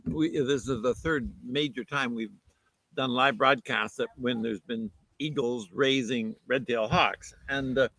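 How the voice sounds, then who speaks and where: Mid-pitched male co-host, halting and thoughtful, outdoors. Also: a bit bright, no echo, low-quality recording. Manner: hesitant, many fillers and restarts, thoughtful. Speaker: co-host answering viewer questions. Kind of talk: casual livestream chat.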